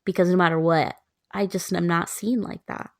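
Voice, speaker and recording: A woman in her twenties, a podcast co-host, telling stories in casual chat, animated and laughing often. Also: fairly low pitch, moderate pace, dry recording, clean studio sound.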